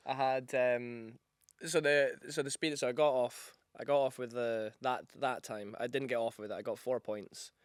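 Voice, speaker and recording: A man chatting as a podcast guest, an energetic, rambling storyteller who swears freely and acts out other people's lines. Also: mid-range voice, normal speed, smooth, no echo, clean studio sound. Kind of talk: casual chat.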